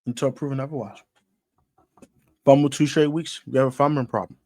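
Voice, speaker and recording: Here a man with a steady, mid-range tone and a fairly quick pace delivers a slangy football rant. A sports commentator, he hammers the same points emphatically and grows louder over time.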